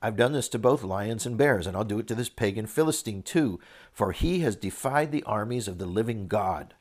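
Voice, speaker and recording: A man's voice: fairly low pitch, lively intonation, moderate pace. A man reading as a bold young shepherd, earnest. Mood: confident. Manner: earnest, confident.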